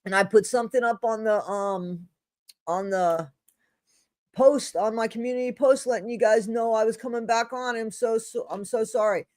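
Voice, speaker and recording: Reading a blog aloud on her casual livestream, a woman also answers her live chat, chatty and quick to apologize. Her voice is a bit high with a darkish tone at a normal pace, captured dry through a streaming setup mic.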